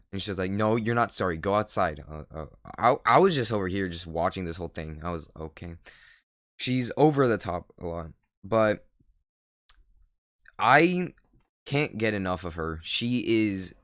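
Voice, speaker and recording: A man's voice: on the low side, fairly bright tone, no room sound, studio quality. A teenage boy vlogging, telling a rambling story full of fillers and laughing at himself. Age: teens. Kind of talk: casual storytelling.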